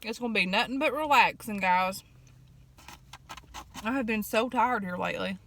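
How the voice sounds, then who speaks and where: A woman, chatting casually and telling family stories in an eat-with-me vlog, folksy, with fillers and throat clearing. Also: medium pitch, moderate pace, a bit bright, slight background noise. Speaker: vlogger.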